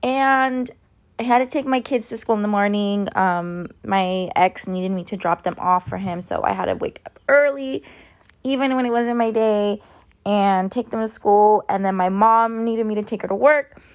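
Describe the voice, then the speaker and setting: Kitchen sounds fill the background as a woman in her mid-thirties talks casually to the camera, ranting and swearing freely. She speaks at normal speed, medium-pitched and steady in tone.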